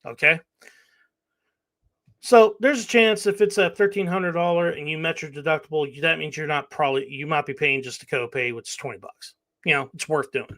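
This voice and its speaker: A man's voice: on the high side, a little fast, bright, forceful tone. A man hosting a casual chat, laughing often and hesitating with fillers as he explains.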